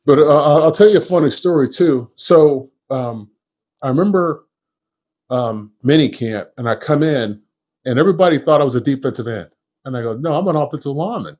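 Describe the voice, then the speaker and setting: A man's voice: mid-range voice, moderate pace, darkish tone. A man in his fifties from Kentucky, a former football player hosting a podcast and telling self-deprecating stories. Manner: self-deprecating storyteller who quotes others. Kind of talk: casual storytelling interview.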